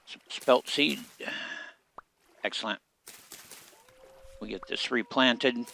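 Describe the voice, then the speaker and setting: A man giving relaxed, casual commentary as he plays a survival game, talking half to himself. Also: medium pitch, slow, vocal fry, slight background noise. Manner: relaxed, muttering to himself while playing. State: hiccups. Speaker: game streamer.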